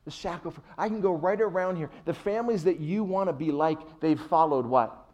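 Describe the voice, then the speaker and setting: A middle-aged male pastor preaching a sermon with emphatic swings between soft and loud delivery. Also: on the high side, fairly quick.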